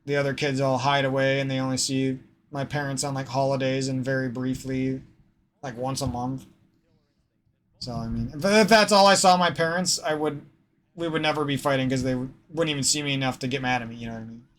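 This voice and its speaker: A man's voice: medium pitch, steady tone, fairly quick, fairly bright tone, a little hiss or hum. A man with a slightly nasal Midwestern American accent, ranting in a rambling, profane gaming vlog and cutting himself off mid-sentence. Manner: profane, rambling, self-interrupting. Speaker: gaming streamer.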